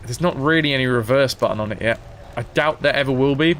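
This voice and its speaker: A man's voice: mid-range voice, fast talker, a little hiss or hum. A man giving casual, chatty live-stream commentary on a game he is playing. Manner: chatty, rambling and animated.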